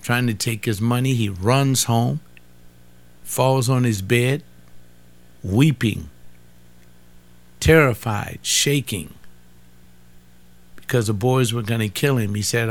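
A man's voice: mid-range voice, slow pace, pauses often. An older man giving an informal sermon, repeating phrases for emphasis and talking straight to his listeners. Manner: repetitive, emphatic, conversational preaching. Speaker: pastor.

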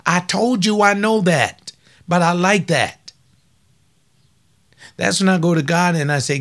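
A man's voice: sits high, measured pace, long pauses, fairly bright tone. An older man preaching informally on a webcast, folksy and emphatic, repeating lines for stress.

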